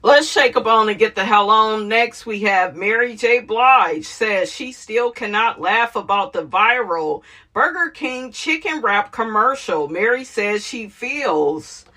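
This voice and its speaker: Sassy, animated woman gossip host. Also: fairly high pitch, a little slow. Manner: sassy, animated, laughs often, calls viewers honey. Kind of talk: casual reality TV gossip commentary.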